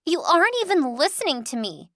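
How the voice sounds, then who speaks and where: A woman's voice: sits high, sing-song, brisk, a bit bright, dry recording, clean studio sound, voice pushed up. A woman voicing a whiny, spoiled eighteen-year-old werewolf girl who pouts and wheedles in an audiobook. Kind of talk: audiobook dialogue.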